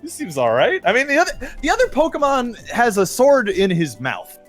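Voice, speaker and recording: A man co-hosting a casual gaming stream, animated and laughing with friends. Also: extremely high pitch, moderate pace, faint music behind. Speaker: stream co-host. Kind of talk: casual chat.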